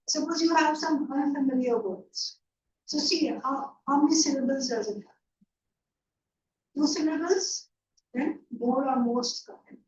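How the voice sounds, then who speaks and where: A woman's voice: high voice, darkish tone. A woman teaching an online English grammar lecture, patiently checking understanding with frequent "yeah?" and "right?". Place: online class from a room. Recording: roomy, distant, dull online lecture audio.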